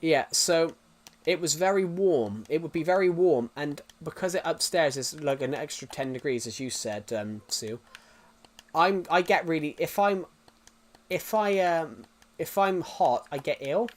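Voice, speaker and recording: Young British male streamer, slightly raised pitch, meandering chatty delivery with lots of ums and restarts. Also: a little slow. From United Kingdom. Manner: rambling, with many restarts and fillers. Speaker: live streamer. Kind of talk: casual chat with live viewers.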